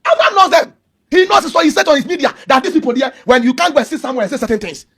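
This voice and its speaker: A man's voice: very high-pitched, racing, a bit bright. A man, arguing emphatically and preachily in a heated religious debate and repeating his points. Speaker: Christian debater.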